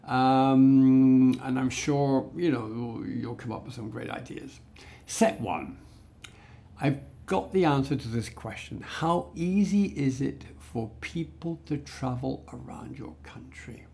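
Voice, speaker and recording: A man's voice: medium pitch, slow, gravelly, mellow. A man teaching a spoken English exam lesson, explaining in a chatty way with many restarts and fillers. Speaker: English speaking-test teacher.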